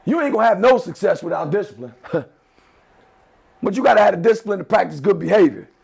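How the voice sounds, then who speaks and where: A man's voice: high voice, expressive, fast talker, creaky, darkish tone, slightly rough. A man giving an emphatic motivational talk to a class of teenagers, leading them in repeated affirmations. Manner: emphatic, repetitive, leads call-and-response affirmations. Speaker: motivational speaker.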